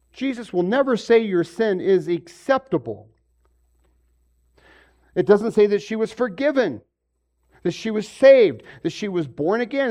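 A pastor giving a sermon, moving from quiet stretches to loud, emphatic preaching and asking his congregation questions. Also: sits high. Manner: asks the audience questions. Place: room with a congregation.

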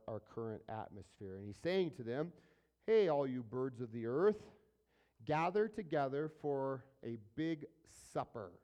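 A male pastor teaching a verse-by-verse sermon, casually asking his listeners questions and moving between quiet asides and louder emphatic passages. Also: mid-range voice. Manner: conversational preaching, asks the audience questions, swings between soft and loud.

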